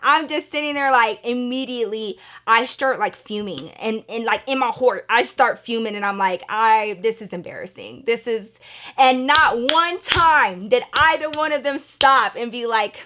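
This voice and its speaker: A woman's voice: a little high, normal speed, pushed and bright. Sassy young woman telling a story. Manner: sassy, profane, dramatic storytelling. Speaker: vlogger. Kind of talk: storytime vlog.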